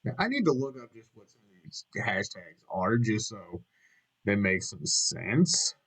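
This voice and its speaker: A man's voice: fairly low pitch, sing-song, measured pace, a bit bright, breathy edge, poor audio. A middle-aged man rambling through a casual vlog monologue, jokey and self-mocking, with frequent swearing. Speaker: vlogger.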